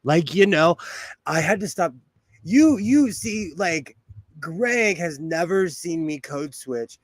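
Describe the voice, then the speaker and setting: Playful high-voiced man chatting on a live stream. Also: lively intonation, slow pace, no room sound. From United States. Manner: laughs often, chatty and playful. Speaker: sewing livestream host. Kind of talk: casual live-stream chat. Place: home sewing room.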